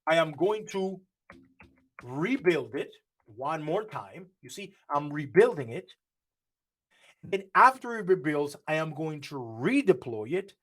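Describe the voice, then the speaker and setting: A man's voice: a little high, sing-song, unhurried, a bit bright. A man leading an online workshop, explaining a live coding demo step by step and often restarting his phrases. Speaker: workshop instructor.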